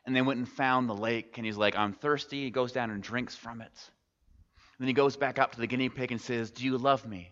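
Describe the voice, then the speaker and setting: A man's voice: mid-range voice, fairly even intonation, fairly quick, fairly bright tone. A man preaching in a church, telling a story expressively, then reflecting on it. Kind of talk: sermon storytelling. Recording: dull recording with long hall reverb.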